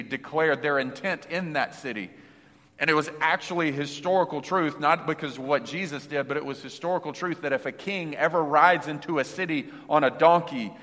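A man preaching a sermon, reading scripture with animated emphasis and bursts of shouted exclamation. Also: a little high. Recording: long hall reverb.

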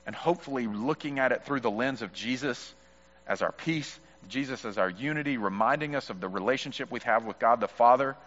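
A man's voice: medium pitch, fairly quick, a bit bright. A man preaching a sermon, earnest and explanatory, walking through a passage with small fillers. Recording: muffled with long hall reverb.

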